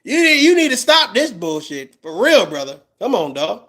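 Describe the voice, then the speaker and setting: A male commentator reacts to a clip in a loose, slangy way, teasing and laughing as he talks. His pitch is very lively, jumping high when he is amazed and dropping low for asides. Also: normal speed. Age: middle-aged. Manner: mocking, laughs a lot, slangy.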